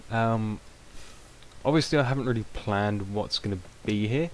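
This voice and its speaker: A young British man with a lowish voice gives rambling, self-mocking gameplay commentary at a moderate pace, with many ums. It's a noisy home recording.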